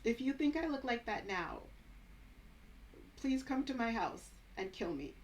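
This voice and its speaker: A woman teacher casually commenting on her old video in a dry, sarcastic, deadpan way. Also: fairly high pitch, a little slow, slight background noise.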